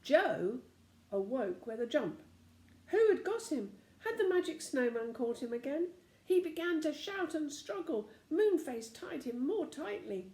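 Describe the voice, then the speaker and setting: Animated woman reading a storybook. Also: high-pitched, a little slow. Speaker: narrator. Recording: roomy echo.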